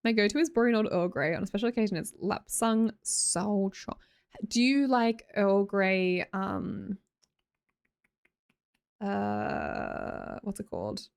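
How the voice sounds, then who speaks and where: A woman's voice: medium pitch, takes it slowly, vocal fry, smooth. An Australian woman live streamer chatting casually with viewers, scattered and self-mocking, laughing often. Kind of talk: casual chat reading viewer messages.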